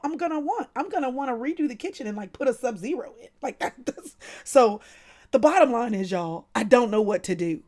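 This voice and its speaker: A woman's voice: sits high, animated, quick pace, darkish tone. A woman hosting a casual livestream, laughing often and calling her viewers by name. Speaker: livestream host.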